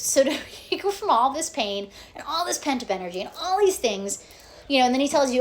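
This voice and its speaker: A woman with a slightly high voice recounts her own experience in a chatty, animated vlog. She keeps checking in with "okay?" and peppers her talk with "like". A faint background noise runs underneath. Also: fast talker. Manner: animated, acts out quotes, frequent "okay?" and "like". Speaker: vlogger. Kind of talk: casual personal storytelling.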